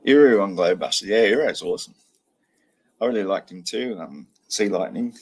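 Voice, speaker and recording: Low husky man rambling on a livestream. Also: lively intonation, a little fast, a little mellow. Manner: rambling, with frequent ums and restarts. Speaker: livestream host. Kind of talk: casual livestream chat.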